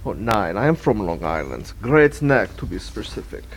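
An actor playing a pompous, pretentious band leader who puts on a fake European accent and talks down to everyone, in a comedy radio sketch. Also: male voice, on the low side, sing-song, moderate pace, poor audio. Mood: haughty. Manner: supercilious, condescending.

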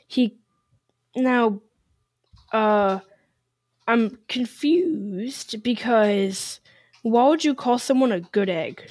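A woman's voice: a little high, lively intonation, extremely slow, long pauses, darkish tone, dry recording. A woman co-hosting a podcast, chatting casually and reading out listener emails, rambling with many restarts and fillers. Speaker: podcast co-host.

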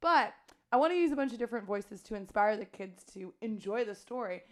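A woman's voice: a little high, fairly quick. Chatty woman teacher co-hosting. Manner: animated, talks through her thoughts with quoted asides. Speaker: podcast co-host, classroom teacher. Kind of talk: casual chat.

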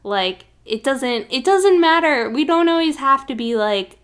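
A woman's voice: high voice, animated, unhurried, fairly bright tone. A woman co-hosting a casual spiritual chat, reflective and filler-heavy, laughing readily. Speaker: podcast co-host.

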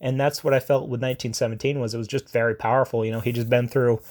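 A man's voice: medium pitch, little pitch movement, fast talker, a little mellow. A young man casually retelling a war film's plot, rambling and acting out the characters' lines in shifting voices. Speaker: film reviewer. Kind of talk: casual movie recap.

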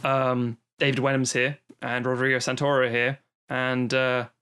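A man's voice: medium pitch, completely flat delivery, normal speed, sharp tone, clean tone. A man co-hosting a casual film review podcast, wry and sweary, with frequent ums. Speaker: podcast co-host.

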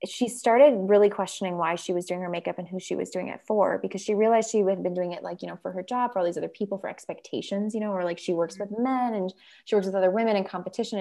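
A woman's voice: medium pitch, mellow. A young woman co-hosting a casual podcast, telling a personal story in a chatty, rambling way. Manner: chatty, rambling, lots of fillers. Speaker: podcast co-host.

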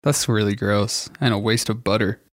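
A man's voice: lowish voice, fairly even intonation, normal speed, no room sound, studio quality. A young man in casual chat, squeamish and reluctant, often laughing as he talks. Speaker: blindfolded taste-test participant.

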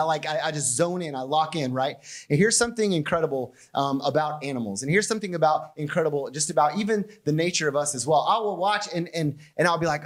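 A man preaching a conversational sermon as pastor, animated and playful with his asides. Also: on the high side. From United States.

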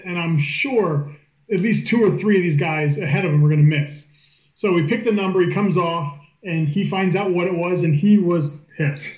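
A man, a powerlifting coach, telling a lively story in casual podcast chat, swearing freely. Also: high-pitched, moderate pace, roomy sound, highs cut off.

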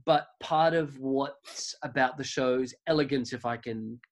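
Australian male guest, casual rambling storyteller, everyday mid-pitch voice. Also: a little slow. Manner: rambling, many restarts and fillers. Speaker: podcast guest.

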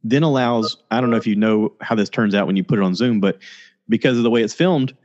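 A man's voice: fast, muffled recording. A man hosting a podcast over a video call, rambling casually and acting out quotes. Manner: rambling, animated, acts out quotes in a high voice. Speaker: podcast host. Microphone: laptop or USB mic with headphones, video call.

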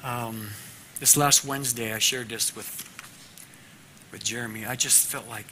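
A man teaching a class devotional in an earnest way, moving from loud teaching to a hushed prayer. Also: medium pitch, steady tone, unhurried, pauses often, a little hiss or hum.

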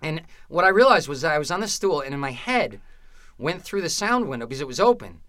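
A man's voice: fairly high pitch, sing-song, fast talker, a bit bright, dry recording, studio quality. A middle-aged man, a stand-up comedian, telling rambling anecdotes in a casual interview and checking in with "right?" and "you know".

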